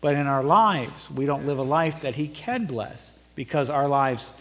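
A middle-aged male pastor preaching a sermon, rising to emphatic peaks and then dropping low and conversational. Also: animated, unhurried. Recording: long reverb of a church hall.

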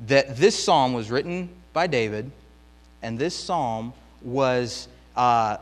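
A man teaching a Bible lesson in Sunday school, reading verses aloud and swelling into loud, impassioned pleading. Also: medium pitch, big-room sound.

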